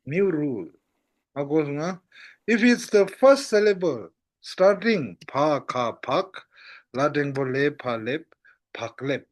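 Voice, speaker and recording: A man's voice: on the high side, animated. A man teaching an online language lesson, patient and repetitive, often checking whether students follow. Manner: slow, patient, repeats checks like "how goes, no?". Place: online class over a shaky internet connection.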